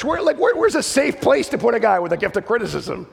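A man's voice: very high-pitched, big pitch swings, quick pace, gravelly, hardly any pauses, big-room sound. A man preaching a sermon as pastor, earnest and emphatic, often repeating words as he restarts.

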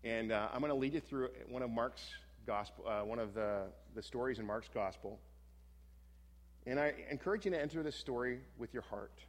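A male pastor delivering a sermon and gently guiding listeners through a scripture meditation, speaking unhurriedly with small restarts. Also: medium pitch, moderate pace. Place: church sanctuary. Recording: long reverb from a large worship hall.

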